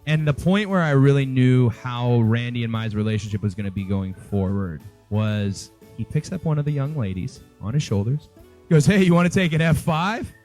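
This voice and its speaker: Guy telling a wild story, voices the other people, soft guitar music underneath. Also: medium pitch, normal speed. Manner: lively storyteller who acts out the other people's lines. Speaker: wrestler telling a story in an interview. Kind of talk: casual anecdote.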